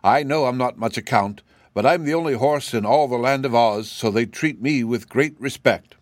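A man's voice: mid-range voice, moderate pace, no room sound, clean studio sound, pitched above the performer's own voice, lightly acted. A man voicing a living wooden sawhorse, earnest and simple, sometimes hesitant. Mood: meek. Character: wooden male sawhorse, proud yet meek.

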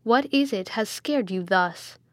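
A woman voicing an imperious, quick-tempered prince in a storybook reading, with stern and commanding delivery. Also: mid-range voice, animated, dry recording, lightly acted. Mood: impatient. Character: imperious hot-tempered male prince, middle-aged tyrant.

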